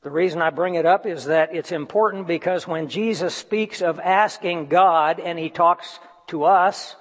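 A man preaching a sermon, speaking slowly with deliberate emphasis and reading passages aloud. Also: sits high. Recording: long reverb of a large hall.

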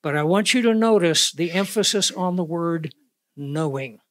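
A man preaching a sermon in an earnest way, slowing down to stress key words, speaking into a clip-on microphone. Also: sits high, a bit bright, dry recording, studio quality. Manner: earnest, with slow emphatic pauses on key words. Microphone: wearing a clip-on microphone.

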